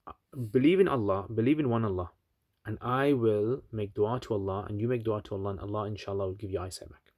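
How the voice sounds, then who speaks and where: A man's voice: fairly low pitch, fast talker, darkish tone, close to an everyday voice. A man voicing a young boy steadfast in his faith, speaking earnestly in a retold story.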